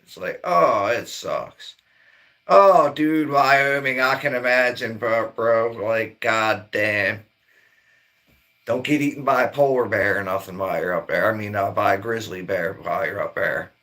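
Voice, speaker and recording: A man's voice: fairly low pitch, a little slow, pushed and bright. A middle-aged man from Maryland rambling in laid-back, profane casual chat as a livestream host. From Maryland, near Baltimore.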